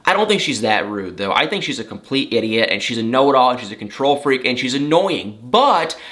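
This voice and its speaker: A man's voice: mid-range voice, sing-song, brisk, fairly bright tone. A young man giving an opinionated, casual recap of reality TV drama, retelling events with quoted asides. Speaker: celebrity gossip commentator.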